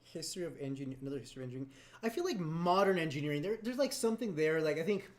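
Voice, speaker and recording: A man with a notably high voice chats on a livestream and tells stories casually. His talk is loose and full of fillers, and he swears freely. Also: expressive, very fast, a little hiss or hum. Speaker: co-host on a livestream. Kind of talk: casual storytelling chat.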